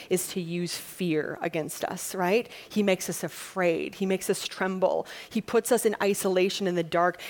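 A woman preacher giving a sermon in a conversational, plain-spoken way, repeating her key points. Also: mid-range voice. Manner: lively, acts out quotes in a mock-panicked voice.

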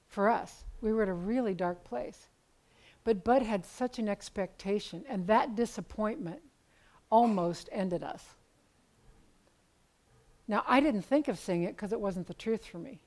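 A woman's voice: medium pitch, a little mellow, low-quality recording. Woman, 70s, Bible study teacher; candid, conversational storyteller with dry self-deprecating humor.

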